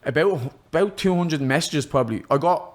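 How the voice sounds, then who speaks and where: A young Irish man rattles through an anecdote at speed, his voice sitting a little high. He is cheeky and animated and slips into the voices of the people in his story. It is relaxed podcast chat. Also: fairly quick. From Ireland. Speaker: guest, professional boxer.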